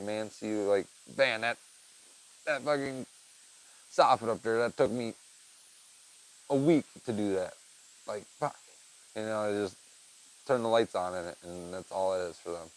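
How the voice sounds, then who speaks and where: A young man chatting casually on his own, rambling and swearing, dropping to mumbles and then getting loud. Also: fairly low pitch, poor audio. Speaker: podcast host. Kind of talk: casual solo chat.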